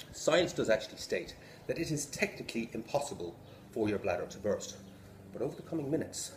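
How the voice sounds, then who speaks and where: A man from England rehearsing a stand-up routine, telling a profane story with animated delivery. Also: fairly low pitch. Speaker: stand-up comedian. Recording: echoey room, faint hum.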